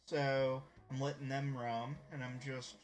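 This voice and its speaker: A man's voice: medium pitch, level tone, unhurried. A man from the Southern United States with a light Southern twang, chatting casually on a game stream, rambling with fillers and restarts and sometimes dropping to a whisper. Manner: rambling, with frequent fillers and restarts, drops to a whisper when musing. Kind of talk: casual gameplay stream chat. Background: game music.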